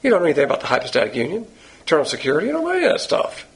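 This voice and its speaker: A man's voice: a little high, wildly swooping pitch, racing, slightly rough. A man teaching a sermon on the Bible in a blunt, folksy, emphatic way.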